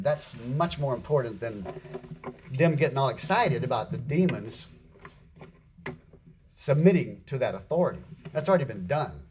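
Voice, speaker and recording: A man preaching a sermon, reading scripture aloud and explaining it earnestly, with slow emphasis on the quoted verses. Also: mid-range voice, animated, darkish tone, a little hiss or hum.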